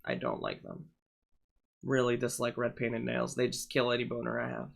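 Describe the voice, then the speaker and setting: A man's voice: medium pitch, very animated, moderate pace, gravelly. A man streaming live, chatting casually and irreverently while reacting to clips on a studio microphone. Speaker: livestreamer.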